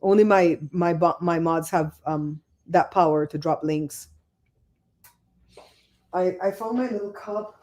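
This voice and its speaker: Middle-aged woman livestream host, chatty and animated, mellow lower voice. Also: measured pace, long pauses. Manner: chatty, animated storyteller reading chat. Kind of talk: casual livestream chat.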